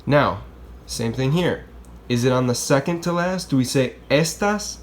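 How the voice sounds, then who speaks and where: A man's voice: mid-range voice, moderate pace, slight background noise. A man who teaches Spanish, explaining grammar in a casual, chatty classroom style and often checking in with "okay?" and "right?".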